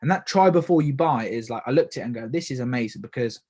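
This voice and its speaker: A man's voice: medium pitch, animated, fast, a little mellow, slightly rough. A young man from the UK hosting a podcast, talking casually in a rambling way, with many fillers and self-corrections. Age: young adult. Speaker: podcast host. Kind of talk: casual solo podcast talk.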